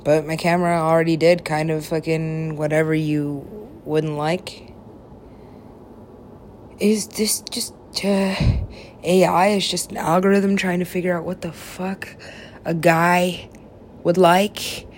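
A woman's voice: lowish voice, fairly even intonation, slow pace, a little hiss or hum. A woman rambling in a drifting, profane monologue that often drops to a whisper.

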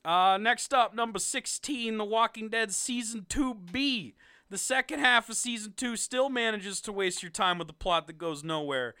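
A young man co-hosting a podcast, reviewing a ranked list of TV seasons in a sarcastic, animated way with frequent laughs. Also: high-pitched, normal speed, smooth, no room sound, studio quality. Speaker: podcast co-host. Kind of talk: casual ranking review chat.

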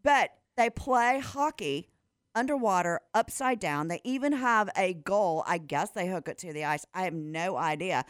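A woman's voice: fairly low pitch, lively intonation, normal speed, smooth, no echo. Giggly female radio sports presenter, dry mic. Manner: giggly, chatty, explains at length. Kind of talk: casual radio chat.

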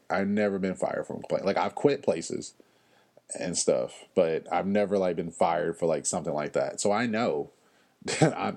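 A man hosting a podcast, telling stories in a casual, animated and blunt way, with lots of fillers and slang. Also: deep voice. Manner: frequent fillers and pauses. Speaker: podcast host. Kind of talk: casual chat.

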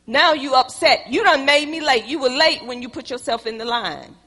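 A woman delivers a folksy, conversational sermon from a church. Her voice sits fairly high with a husky, breathy edge. The sanctuary gives it a long ringing reverb. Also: lively intonation, normal speed. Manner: folksy, conversational, dramatic shifts to hushed pleading. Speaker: preacher. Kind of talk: sermon with acted-out skits.

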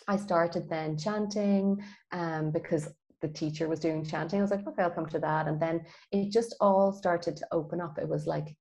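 A woman with a low voice speaks as a podcast guest. She tells her story in an animated way and acts out the dialogue she quotes. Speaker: guest, feng shui expert. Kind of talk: casual podcast interview.

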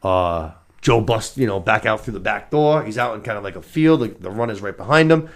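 Profane, animated podcast host man. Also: lowish voice, a little fast. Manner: animated, profane scene recap. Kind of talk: casual chat.

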